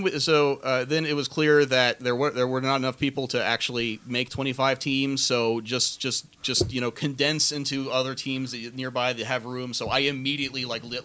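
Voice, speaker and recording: A man's voice: medium pitch, fairly bright tone. A man co-hosting a podcast, telling rambling stories in casual chat with frequent stammers and restarts. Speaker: podcast co-host.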